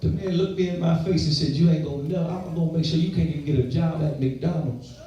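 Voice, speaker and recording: A man's voice: on the high side, steady tone, fast, mellow, lo-fi sound. A man preaching a sermon as pastor, telling his own story with call-and-response fervor. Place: large church sanctuary. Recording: echoey church hall from far off with music.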